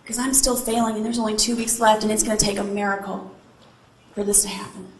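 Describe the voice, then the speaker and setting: A woman's voice: medium pitch, fairly even intonation, fast talker, a little hiss or hum. A woman giving a motivational keynote, telling her story theatrically and tossing playful asides to the audience. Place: large hall with audience. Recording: echoey hall, faint ambience.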